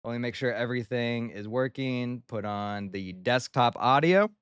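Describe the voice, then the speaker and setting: Smooth-voiced joking male streamer. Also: mid-range voice, normal speed, a bit bright, no room sound, clean studio sound. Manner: joking, rambling, laughs at himself. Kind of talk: casual livestream chat.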